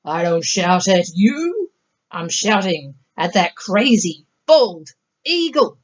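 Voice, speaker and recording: A woman voicing a loud, mocking male bear in a storybook reading, roaring his lines. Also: medium pitch, very animated, slow pace, muffled recording.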